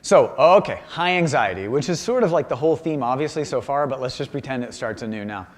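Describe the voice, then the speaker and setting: A visiting artist gives a brisk, humorous lecture with slides in a university auditorium, talking through his paintings and joking at his own expense. His pitch swings widely from line to line, he acts out quoted voices, and he keeps up a lively storytelling energy; the big room is audible in the sound.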